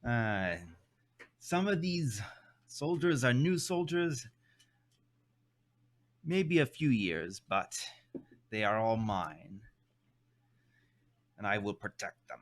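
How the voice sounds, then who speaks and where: A man voicing a proud old male Soviet squad commander in a put-on Russian accent, slow and protective. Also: mid-range voice, sing-song.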